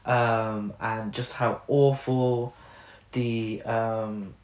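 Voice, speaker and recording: A man's voice: fairly low pitch, little pitch movement, very slow. A man co-hosting a casual film review, ranting in an exasperated way with plenty of fillers. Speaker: podcast co-host. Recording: roomy echo.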